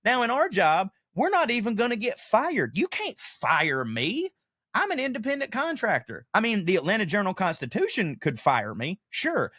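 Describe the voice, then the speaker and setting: A man's voice: high voice, normal speed, no room sound, studio quality. Fired-up profane man on a podcast. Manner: animated, profane, rants with comic asides. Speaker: podcast host, comedian. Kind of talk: casual podcast monologue.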